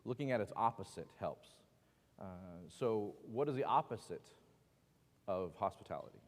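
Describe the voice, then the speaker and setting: A man's voice: on the low side, animated, normal speed. A man teaching a casual Bible class at church, joking and asking the class questions as he talks. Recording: long hall reverb.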